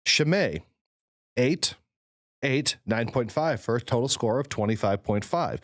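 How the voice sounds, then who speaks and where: A man's voice: medium pitch, lively intonation, measured pace. A man co-hosting a podcast, joking wryly and reading out tallies in casual chat. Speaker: podcast co-host. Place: podcast studio.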